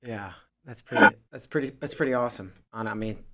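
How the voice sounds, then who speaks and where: A man's voice: on the low side, fairly quick, sharp tone. A man hosting an interview, asking long winding questions with repeated restarts. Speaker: show host.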